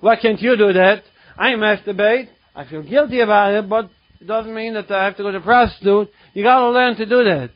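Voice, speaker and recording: A man voicing his blunt, strict male sponsor, scolding slowly and emphatically in a dull lo-fi recording. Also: sits high, dry recording, voice pushed up, close to an everyday voice. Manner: stern, scolding, slow and emphatic.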